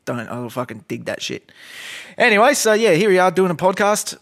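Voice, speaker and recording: A man's voice: high-pitched, very animated, normal speed, a bit bright. A man with an Australian accent rambling through a comedic podcast monologue, blunt and profane with lots of fillers.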